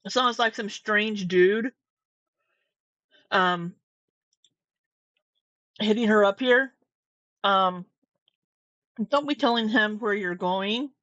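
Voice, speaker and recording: A woman's voice: mid-range voice, slow, pauses often, fairly bright tone, no room sound. A woman speaks in a mid-range voice with dry, sarcastic commentary, blunt and sometimes cursing. The recording is close and dead, with a slightly dull tone. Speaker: commentator reacting to a video. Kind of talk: reaction commentary.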